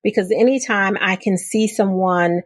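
A woman hosting a podcast interview, talking in an effusive, animated way and making up words as she goes. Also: mid-range voice, normal speed, slightly rough, no echo, studio quality. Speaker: podcast host. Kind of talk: casual interview chat.

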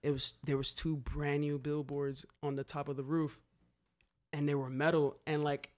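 A young man telling graffiti stories in casual chat, animated and slangy, swearing freely. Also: a little high, normal speed. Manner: animated, slangy, swears a lot, repeats "a hundred percent".

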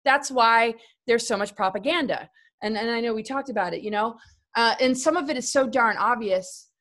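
A woman's voice: fairly high pitch, moderate pace, fairly bright tone. A woman talking casually about spirituality as a guest in a conversation, earnest and rambling, often restarting and repeating words.

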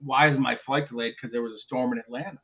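A male airline pilot, a guest on a podcast, telling stories in a lively way and often restarting his words. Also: medium pitch, fast. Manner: animated storyteller with frequent restarts and repeated words. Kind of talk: podcast interview chat. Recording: phone-like narrow sound.

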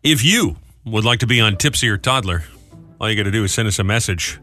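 A man co-hosting a morning radio show, his voice bright and clear. He banters and jokes as he reads out the segments and the phone numbers. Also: lowish voice, lively intonation, fast talker, faint music behind. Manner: jokey, plays host and runs segments.

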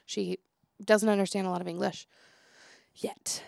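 A woman's voice: medium pitch, steady tone, normal speed, gravelly, a little mellow, dry recording, clean studio sound. A young woman co-hosting a casual podcast, telling stories and acting out quotes with frequent laughter. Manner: chatty storyteller, acts out quotes, laughs often. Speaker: podcast co-host and teacher.

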